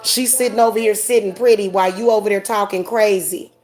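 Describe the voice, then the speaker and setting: A woman's voice: mid-range voice, fairly even intonation, fairly quick, darkish tone. A woman hosting a casual livestream rant, sassy and mocking, laughing often. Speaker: host.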